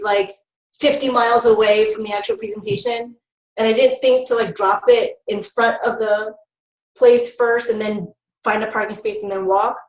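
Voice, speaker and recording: Higher-voiced woman chatting through a webinar, lots of ums, echoey room. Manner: chatty, laughs often, many fillers. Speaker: health educator presenting a webinar. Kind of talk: casual webinar presentation. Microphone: video call.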